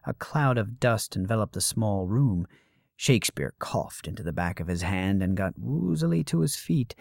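Man narrating with a lively pitch. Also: vocal fry, no room sound, clean studio sound. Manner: measured storytelling. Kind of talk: scripted narration.

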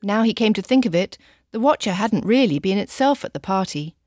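Brief: expressive female audiobook narrator, mid pitch, very dry recording. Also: brisk, dry recording, faint music behind. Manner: lively, expressive reading. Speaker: audiobook reader.

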